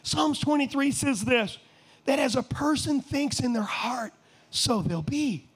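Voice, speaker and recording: Middle-aged male preacher, very high voice, fervent sermon delivery with shouted peaks. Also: a little slow, slightly rough. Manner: impassioned, rising to shouts, rhetorical questions to the congregation.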